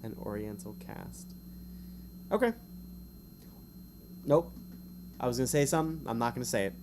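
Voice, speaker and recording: A man's voice: mid-range voice, expressive, a little mellow, a little hiss or hum. Chatty man reading a gamebook on stream. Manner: chatty, rambling asides, quick to laugh at himself. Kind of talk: casual stream narration with asides.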